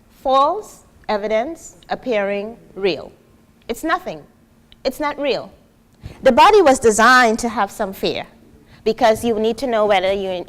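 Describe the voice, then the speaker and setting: A woman from Trinidad speaks as a motivational speaker before a live audience. Her voice sits at a middle pitch, and she talks in an animated way, putting on the voices of the people she quotes and throwing questions out to the room.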